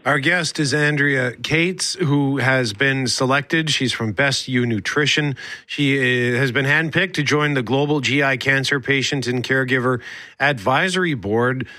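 A man's voice: medium pitch, unhurried, pushed and bright, no echo. A man co-hosting a broadcast interview, introducing the guest in a polished, upbeat way. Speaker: co-host.

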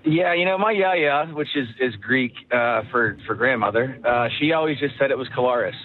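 Relaxed, rambling man on a tinny line. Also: mid-range voice, moderate pace, a little hiss or hum. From Ohio, USA. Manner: relaxed, rambling with many fillers and restarts. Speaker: guest, pro football quarterback. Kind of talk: casual interview chat. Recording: tinny phone-like radio broadcast.

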